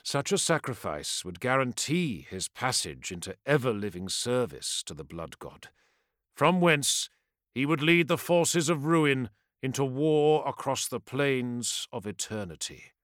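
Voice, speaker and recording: A man reads scripted dark fantasy as an audiobook, his theatrical voice building in intensity at an unhurried pace. His pitch swings lively and his tone is bright and forceful, in a close, dry recording with no room sound.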